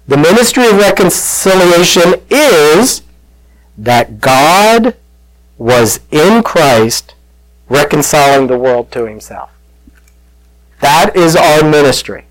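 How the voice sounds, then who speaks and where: Guy preaching a sermon, kinda high voice, lively storytelling, dry close sound. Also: takes it slowly, no echo, low-quality recording. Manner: conversational, animated storytelling with audience call-outs. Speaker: pastor.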